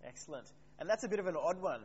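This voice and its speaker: A man's voice: high-pitched, animated, racing. A man preaching a conversational sermon and asking his congregation questions. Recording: reverberant hall, slightly dull, faint hum.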